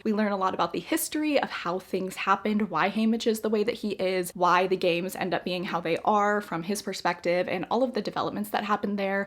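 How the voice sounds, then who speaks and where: A woman chats to her viewers in an easygoing book vlog, recommending novels with open enthusiasm. Her voice sits at an ordinary middle pitch for a woman, and her talk stays friendly and animated. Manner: enthusiastic, chatty. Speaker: book reviewer.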